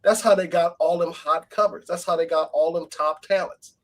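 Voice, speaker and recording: A man's voice: on the high side, fairly even intonation, normal speed. A man on a casual podcast panel who talks eagerly and urges the others on. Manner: eager, urging.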